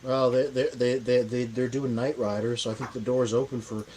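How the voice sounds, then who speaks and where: A man's voice: medium pitch, little pitch movement, moderate pace, a little mellow, slight background noise, poor audio. A young man co-hosting a casual podcast chat, stammering through his openings and laughing at his own remarks. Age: young adult. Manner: stammering, self-amused. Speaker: podcast co-host.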